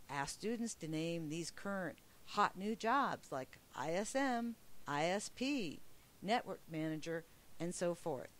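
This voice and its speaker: Lowish-voiced woman trainer, emphatic, upbeat webinar presenter. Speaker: professional development trainer. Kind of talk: recorded teacher training webinar.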